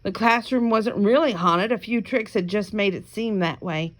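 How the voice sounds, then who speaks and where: A woman reading a children's picture book aloud, slow and careful, with chatty asides between pages. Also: medium pitch. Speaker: reader.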